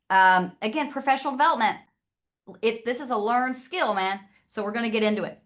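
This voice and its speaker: A woman's voice: on the high side, fairly quick, a bit bright. A woman from the American South with a Southern accent, presenting to an audience in a chatty, direct way. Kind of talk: casual talk to an audience.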